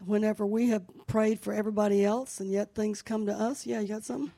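This church leader speaks fast in a mid-range, gravelly, mellow voice that stays level. She leads the service in a sanctuary, sharing her family's news in a chatty, anecdotal sermon with testimony. Then she builds into fervent prayer.

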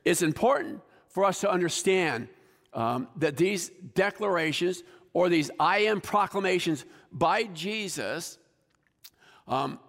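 A man preaches a sermon from a church sanctuary, his voice sitting a little high for a man. He talks in a conversational way and asks the congregation questions. His words ring out with the long reverb of a large hall. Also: creaky, fairly bright tone. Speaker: pastor.

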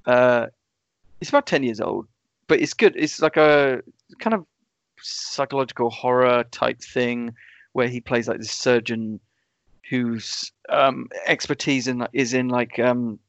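A man co-hosting a casual film podcast, relaxed and hesitant, with many ums. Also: medium pitch, measured pace, no echo. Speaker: podcast co-host. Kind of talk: casual film review chat. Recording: dull lo-fi dry sound.

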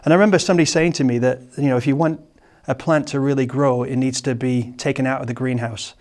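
A man preaching a sermon, explaining a psalm in a halting, searching way and often repeating words, then reading scripture slowly. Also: mid-range voice, steady tone, a little mellow. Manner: slow, measured scripture reading.

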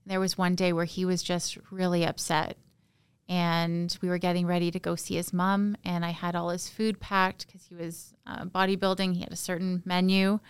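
Halting, gravelly-voiced woman from Canada. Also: on the low side, no room sound. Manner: halting, emotional, soft-spoken recounting. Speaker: podcast guest. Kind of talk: personal storytelling in an interview.

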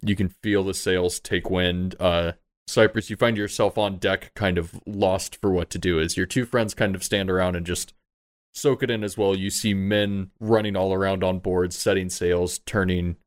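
A man's voice: low-pitched, fairly even intonation, moderate pace, no room sound, studio quality. A man running a tabletop game as game master, narrating in a loose, casual way.

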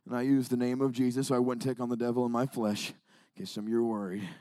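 A male evangelist preaching a sermon, moving from hushed storytelling to shouted exhortation. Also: medium pitch, little pitch movement, fast, no room sound, clean studio sound.

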